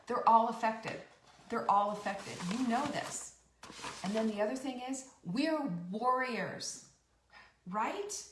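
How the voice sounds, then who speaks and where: A woman's voice: mid-range voice, fairly bright tone, recorded from a distance. Emphatic woman host in a roomy space. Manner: emphatic, repeats key phrases, rousing. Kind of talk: motivational live-stream talk.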